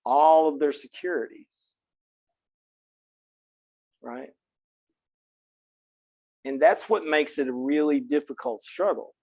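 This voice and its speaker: A man from Texas teaching a college philosophy class, frank and earnest and quick to crack a joke, recorded on a close mic in a classroom. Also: fairly high pitch, a little mellow, no room sound. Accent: Texan. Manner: earnest, frank, joking, speaks directly to students. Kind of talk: classroom lecture.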